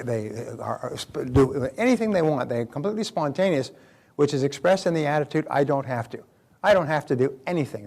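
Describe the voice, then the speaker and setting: A man's voice: medium pitch, darkish tone. Man from North America, motivational seminar speaker, mid-range voice, anecdotal, repeats key lines, acts out quotes. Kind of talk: seminar talk.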